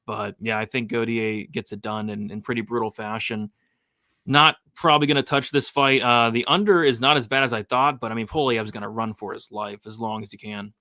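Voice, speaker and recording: A man breaks down fight odds in a loose, casual way, leaning on fillers and repeating himself. His voice is bright and forceful, recorded dry and close with no room sound. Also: on the low side, steady tone, a little fast, dry recording. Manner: loose, filler-heavy talk, repeats words. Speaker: sports betting analyst.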